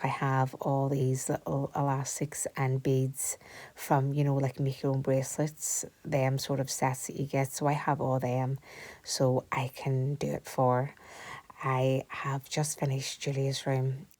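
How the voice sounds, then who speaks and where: A woman, telling a story at home in an animated, breathless way and sometimes dropping to a whisper. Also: a bass voice, unhurried. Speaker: home vlogger. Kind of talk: chatty storytelling vlog.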